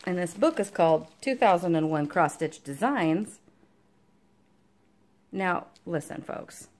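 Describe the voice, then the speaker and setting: A woman's voice: lowish voice, animated, slow, darkish tone. A woman chatting casually in a show-and-tell vlog about her stitching, rambling along with lots of fillers. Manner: talks to her dog between topics. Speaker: cross-stitch vlogger.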